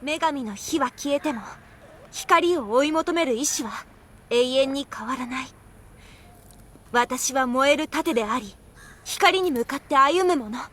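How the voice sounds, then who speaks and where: An actress voicing a resolute young heroine in a game, a shield-bearing guardian who speaks with a fierce, determined tone. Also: female voice, sits high, brisk, fairly bright tone. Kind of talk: game character voice line.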